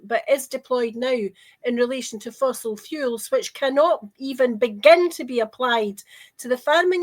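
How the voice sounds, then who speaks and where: A woman co-hosting a political discussion, talking in an indignant, emphatic way and slowing down to stress her points. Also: fairly high pitch. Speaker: panel co-host.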